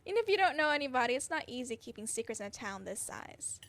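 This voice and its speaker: A woman reading the lines of a friendly, chatty small-town young woman from a game, with soft teasing gossip. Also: high-pitched, sing-song, fast, full character voice. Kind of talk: reading game dialogue aloud.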